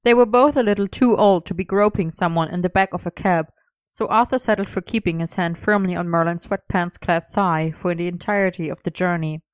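A woman reading a story aloud in steady, even narration. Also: on the low side, a little fast, smooth, no room sound. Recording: slightly dull, dry close recording.

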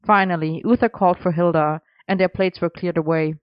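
A reader narrating a story in an even, measured way, in a dry, slightly dull recording. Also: mid-range voice, clear, resonant tone, no room sound. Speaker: audiobook reader.

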